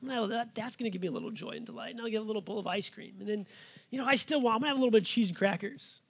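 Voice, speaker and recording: A man, a pastor with five kids, preaching a sermon in a folksy, conversational way and slowing down to stress the scripture he reads. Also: sits high, a bit bright, breathy edge.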